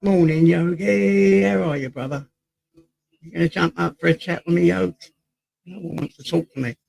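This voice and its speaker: This English livestream host, broadcasting casually from home, greets viewers by name, reads out chat and sometimes drifts off his desk mic. His voice is a little high, creaky and slightly mellow at a moderate pace, with no echo but poor audio.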